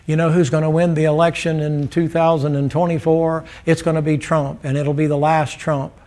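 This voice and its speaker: A man's voice: fairly high pitch, normal speed. A man, preaching a sermon in a folksy, joking manner. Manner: folksy, animated preaching with jokes. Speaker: pastor.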